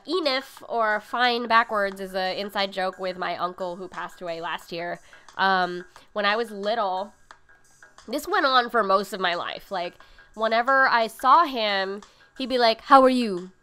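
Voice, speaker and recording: Woman host of a home cooking stream; casual and rambly, reads chat aloud, with a smooth, clear voice. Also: mid-range voice, measured pace, pushed and bright. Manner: chatty and rambling, with frequent fillers. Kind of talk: casual chat reading viewer comments. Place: home livestream setup.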